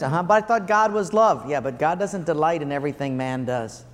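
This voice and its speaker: An older man, preaching a sermon as an animated storyteller who laughs through his anecdotes. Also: on the high side, quick pace. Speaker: pastor. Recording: long echoey hall reverb.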